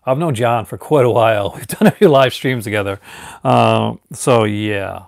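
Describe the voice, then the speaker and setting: A man's voice: fairly low pitch, moderate pace, vocal fry, no echo, studio quality. A man from Newfoundland, Canada, chatting casually on a live stream and rambling through restarts and fillers.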